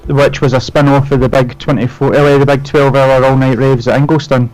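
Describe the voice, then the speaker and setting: A man's voice: mid-range voice, flat delivery, a little fast, a little mellow, low-quality recording. A man calling in to a casual podcast and telling a rambling story, full of "man" and "like". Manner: laid-back, rambling, says "man" and "like". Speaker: caller.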